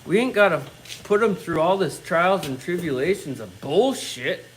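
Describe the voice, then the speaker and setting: A man's voice: high-pitched, animated, moderate pace, slight background noise, rough recording. A middle-aged man in his own workshop, ranting bluntly and swearing constantly in casual talk. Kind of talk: casual rant.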